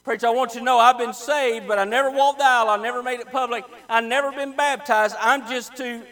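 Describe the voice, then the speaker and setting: A Baptist preacher, a man, delivering a sermon with dramatic storytelling, acting out the people in his story and swinging between loud and soft. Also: extremely high pitch, fairly even intonation, a little fast.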